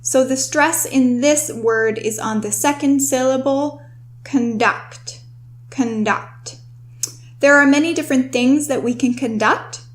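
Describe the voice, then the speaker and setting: A young woman hosting a vocabulary lesson, explaining words in a clear, instructive way and slowing down to stress key terms. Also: high voice. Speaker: host and writing tutor.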